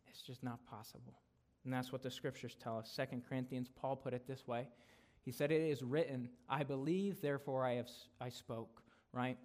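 Man preaching, mid-range voice, casual and conversational, pushes louder to stress a point and softens to finish it. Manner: conversational, often tags lines with "right?"; grows louder and higher on emphasis, drops soft to close a point. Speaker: guest preacher. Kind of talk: expository sermon.

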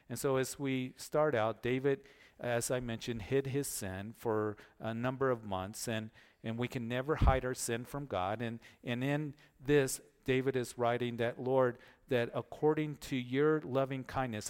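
A male pastor giving an earnest verse-by-verse Bible teaching, often repeating words and pausing on fillers as he explains. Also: medium pitch, fairly even intonation, clean tone.

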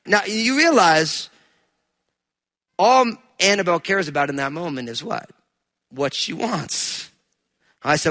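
A pastor from New Jersey with a high, bright, ringing voice. He talks to the congregation in a loose, chatty way, then swells into loud, emphatic preaching. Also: animated, a little slow, long pauses. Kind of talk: sermon.

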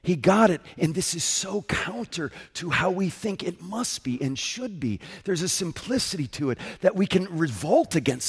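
A man preaching a sermon in a conversational, emphatic way, swinging between loud and hushed and often checking in with "right?". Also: high voice, big pitch swings, moderate pace, hardly any pauses, breathy edge. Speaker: pastor.

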